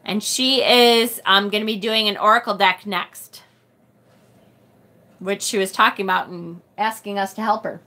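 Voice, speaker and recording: A middle-aged woman with a Rochester, New York accent, hosting a casual tarot livestream and reading viewer comments aloud, chatty and quick to laugh. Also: mid-range voice, fairly even intonation, sharp tone. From United States. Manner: chatty and bubbly, laughs often, trails off and restarts.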